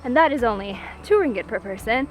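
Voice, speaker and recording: A woman's voice: fairly high pitch, expressive, brisk. A woman travel vlogger chatting casually while hiking an outdoor trail, laughing often. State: out of breath from hiking.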